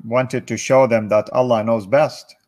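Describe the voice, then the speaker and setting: A man's voice: mid-range voice, steady tone, measured pace, darkish tone. Sarcastic man chiming in. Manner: sarcastic interjections. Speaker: talk show co-host. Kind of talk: casual chat.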